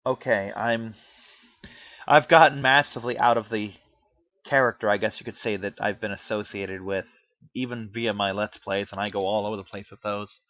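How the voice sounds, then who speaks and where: Recorded on a home microphone, the audio is dry and dull. The man, a YouTuber, speaks to camera in an earnest, pleading rant, rambling and restarting as he talks from the heart. His voice is on the low side and a bit bright, with fairly even intonation at normal speed.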